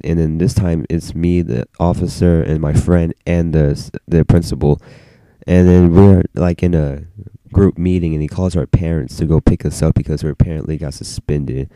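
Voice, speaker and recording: Very deep-voiced teen guy telling a story. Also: fairly even intonation, normal speed, dark tone, no echo, poor audio. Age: teens. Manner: rambling, many "like" fillers. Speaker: vlogger. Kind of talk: casual storytelling.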